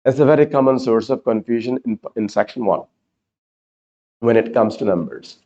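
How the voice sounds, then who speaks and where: A man's voice: mid-range voice, expressive, moderate pace, dark tone, highs cut off. A man teaching an exam-prep class, repeating key words and explaining step by step. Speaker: IELTS teacher. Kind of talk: classroom lecture.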